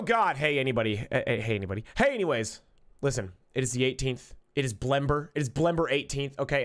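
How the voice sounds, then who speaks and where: Loud, profane young male streamer. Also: on the high side. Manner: loud, profane, jokey, swings between shouts and mutters. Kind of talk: casual livestream chat.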